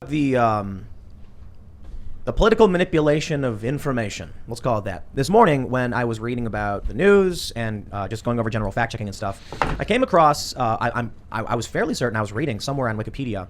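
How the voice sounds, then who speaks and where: Fast-talking male co-host. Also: medium pitch, sing-song, a little hiss or hum. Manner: fast, hesitant, with fillers. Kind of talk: casual political commentary chat.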